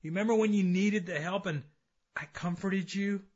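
A man's voice: high voice, moderate pace, darkish tone, voice pushed up. A man voicing the Holy Spirit, who calls tenderly to a lost soul to come back, in a dull lo-fi recording. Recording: dull lo-fi sound.

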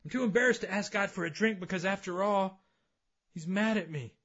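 A man voicing an ashamed believer who makes hurried, sheepish excuses, in a dull lo-fi recording. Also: sits high, fairly bright tone, voice pushed up. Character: ashamed believer too embarrassed to ask God. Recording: dull lo-fi sound.

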